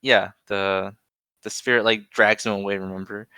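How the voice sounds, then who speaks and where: A man's voice: on the low side, little pitch movement, moderate pace, pushed and bright, clear, resonant tone, dry recording. A young man co-hosting a podcast, chatting casually and rambling with restarts and fillers. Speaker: podcast co-host. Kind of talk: casual chat.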